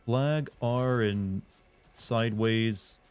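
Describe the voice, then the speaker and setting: A man's voice: lowish voice, very slow, darkish tone, smooth. A young man from the American South with a subtle Southern US accent, chatting casually and self-deprecatingly as he streams a game. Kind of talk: casual gameplay commentary.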